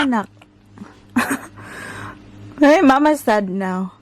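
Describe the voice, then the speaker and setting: A woman's voice: on the high side, animated, unhurried, pauses often. A woman in her thirties with a Filipino accent, chatting and coaxing her baby in a casual family vlog. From Philippines. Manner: coaxing sing-song mother talk mixing English and Filipino. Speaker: family vlogger.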